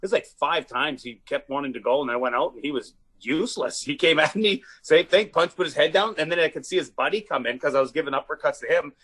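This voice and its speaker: A young adult man from Canada, a comedian guest telling animated, profane stories in a casual chat and acting out the quotes. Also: on the high side, fast talker, hardly any pauses, breathy edge. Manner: animated, swearing, acts out quotes. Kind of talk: casual storytelling.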